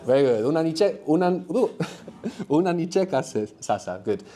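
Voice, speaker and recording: A man's voice: on the high side, big pitch swings, normal speed, mellow. A man teaching a live language workshop in a classroom, encouraging the group and quizzing them with frequent tag questions. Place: classroom with students.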